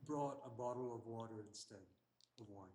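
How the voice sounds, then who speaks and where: A man's voice: mid-range voice, moderate pace, darkish tone, echoey room. A man in the congregation answering a question from the speaker.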